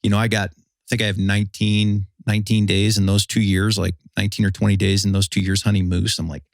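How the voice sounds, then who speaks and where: A man hosting a podcast, telling a hunting story in relaxed, casual chat. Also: lowish voice, fast talker, gravelly, dry recording, studio quality. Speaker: podcast host.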